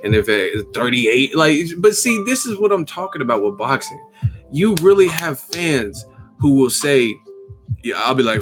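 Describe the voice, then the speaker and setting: A man's voice: lively intonation, normal speed, music in the background. A man hosting a live boxing chat, casual and profane, full of slang and laughs. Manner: profane, laughing, slangy, puts on a deep announcer voice as a joke.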